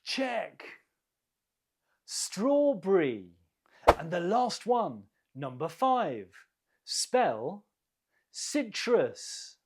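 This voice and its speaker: Very slow, husky-voiced English teacher. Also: medium pitch, big pitch swings, darkish tone. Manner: deliberate, repeats each word, explains stress. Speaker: English teacher hosting a quiz. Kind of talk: slow quiz reading for learners.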